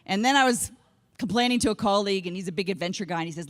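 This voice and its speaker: A woman's voice: mid-range voice, rapid-fire, long reverb tail. A middle-aged woman delivers a motivational keynote with plenty of humour. She tells her stories bluntly and candidly and slips in the odd swear word. She speaks throughout. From Canada. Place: conference room with a live audience.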